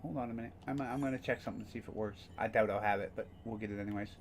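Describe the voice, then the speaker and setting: A man's voice: on the low side, fairly even intonation, racing, a little hiss or hum. A man casually streaming a game, rambling with frequent fillers and the odd curse. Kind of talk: casual gameplay commentary.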